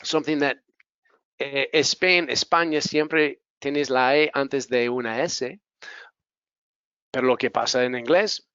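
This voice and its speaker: Man, pronunciation teacher, slow careful repetition, dull dry lo-fi sound. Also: mid-range voice, bright, forceful tone, clean tone, no room sound. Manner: repeats words to model pronunciation, mixes in Spanish asides. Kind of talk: classroom lesson.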